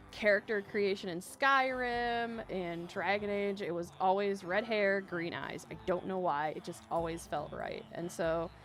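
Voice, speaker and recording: A woman hosting a casual live stream, chatting and reading viewer messages aloud in a bubbly, rambling way, laughing often. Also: medium pitch. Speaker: live-stream gaming host. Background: faint background music.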